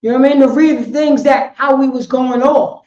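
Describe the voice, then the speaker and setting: A woman teaching a religious law class in an impassioned preaching style, repeating herself with emphasis and swinging between shouts and quiet words. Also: sits high, fairly quick. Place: indoor meeting room. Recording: roomy, slightly dull lo-fi sound.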